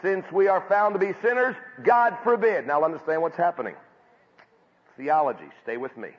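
A man preaching a sermon from scripture, building up to loud emphatic peaks and then dropping back low. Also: lively intonation, normal speed. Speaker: pastor. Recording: dull audio with long hall reverb.

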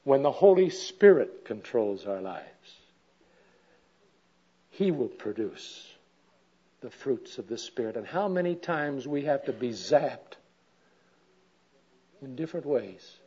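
A man telling a homespun story as part of a sermon, chatty and plain, breaking into loud animated exclamations. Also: medium pitch, slow pace, long pauses, husky. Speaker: speaker at a women's gathering. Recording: dull lo-fi recording.

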